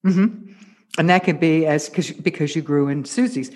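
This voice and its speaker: A man hosting a casual advice conversation, posing questions in a measured, thoughtful way. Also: fairly high pitch, a little mellow. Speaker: host. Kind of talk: casual interview talk.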